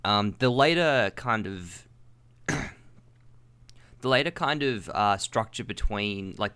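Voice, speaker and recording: Man, co-host, low voice, casual chat, thoughtful, hedging. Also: pushed and bright. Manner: thoughtful, hedging, many fillers.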